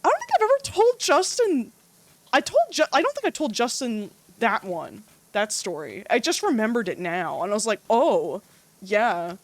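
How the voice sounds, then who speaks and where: A young woman streamer telling stories in casual livestream chat, animated, swearing freely and laughing often. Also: a little high, normal speed, no echo.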